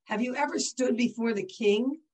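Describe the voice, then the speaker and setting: A humble, devout traveler pleads his case in earnest, patient tones, as a woman storyteller puts him on. His voice sits a touch higher than her usual speech. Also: normal speed, darkish tone, far from the mic, close to an everyday voice, poor audio. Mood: pleading. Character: humble God-fearing Jewish traveler, adult man.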